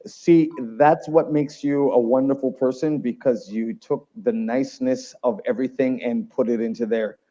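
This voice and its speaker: A man's voice: mid-range voice, fairly even intonation, normal speed, few pauses, dark tone, highs cut off. A man from Canada, a guest rapper, chatting casually over a video call and laughing easily.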